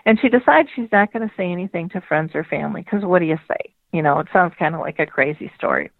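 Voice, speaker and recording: A woman, a dementia advocate, telling a parable with measured, drawn-out phrasing over a phone line. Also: on the low side, animated, gravelly, dry recording. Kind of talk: storytelling parable. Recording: dry tinny phone-line sound.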